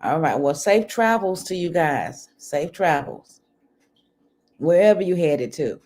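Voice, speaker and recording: An older woman speaking in chats with viewers over her computer mic. Her delivery is unhurried, and her pitch swings widely as she greets people and laughs. She sometimes drops her voice to keep things quiet at home. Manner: chatty, animated, laughs often; talks softly at times. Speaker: livestream host. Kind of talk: casual chat with viewers. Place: home, indoors. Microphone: computer microphone.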